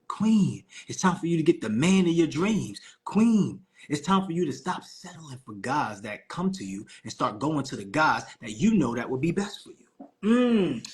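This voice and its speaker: A man hosting a live call with preachy, hyped motivational talk. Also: fairly high pitch. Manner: preachy, hyped, calls the audience Queen.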